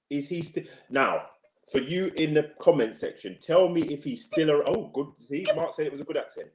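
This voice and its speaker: A man's voice: on the high side, wildly swooping pitch, moderate pace, a little hiss or hum. Chatty man co-hosting, in a roomy echo. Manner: chatty, laughs easily, chimes in with short agreements. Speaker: co-host of a football discussion show. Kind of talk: casual sports chat on a livestream.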